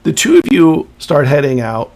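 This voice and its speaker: A man narrating as game master in a tabletop roleplaying game, unhurried and descriptive. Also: a little high, very animated, darkish tone. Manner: unhurried, descriptive, chuckles often.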